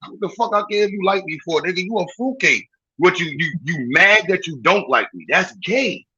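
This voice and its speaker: A man's voice: high voice, animated, brisk, bright, forceful tone, slightly rough, lo-fi sound. A man from Brooklyn with a New York accent, hosting a livestream and ranting in a mocking, profane way with bursts of laughter. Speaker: livestream host. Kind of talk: livestream rant.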